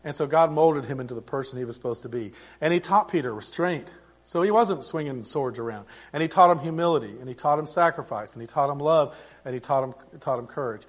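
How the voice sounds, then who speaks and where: A man's voice: medium pitch, quick pace. Man preaching a sermon, conversational. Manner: conversational preaching with frequent restarts and swings in loudness. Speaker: pastor.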